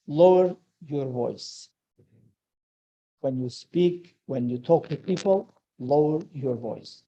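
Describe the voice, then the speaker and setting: Earnest man giving a gentle sermon. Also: on the high side, slow pace, lo-fi sound. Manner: earnest, repeats key advice. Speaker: speaker at a religious study circle. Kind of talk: sermon-like talk.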